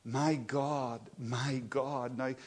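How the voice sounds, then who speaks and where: A man preaching a sermon, dropping to hushed whispers and rising to loud, emphatic cries. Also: medium pitch, fairly even intonation, drawn-out words.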